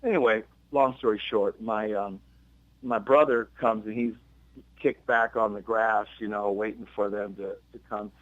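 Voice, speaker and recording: A man, a musician and guest, telling a long personal story in a casual interview, jumping in pitch as he acts out others' lines and often restarting his sentences. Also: normal speed, no echo. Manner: animated storyteller acting out quotes with sudden pitch jumps and many restarts. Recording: dull lo-fi dry radio recording.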